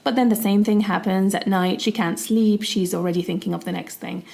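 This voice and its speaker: A woman co-hosting a podcast, telling a story in an animated, expressive way with searching pauses. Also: medium pitch, creaky. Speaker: podcast co-host. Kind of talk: casual chat and storytelling.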